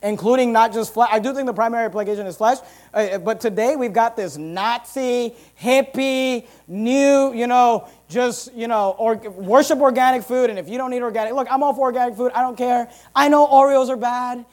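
A pastor preaching a sermon in an emphatic, punchy style with big loud swings. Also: male voice, very high voice, moderate pace.

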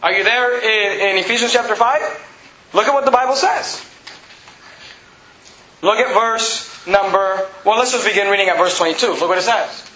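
A man's voice: high-pitched, pushed and bright, slight background noise. A male preacher giving a sermon in a church. He reads scripture aloud and explains it in plain talk, often correcting himself. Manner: halting restarts and self-corrections. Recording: echoey, dull lo-fi room recording.

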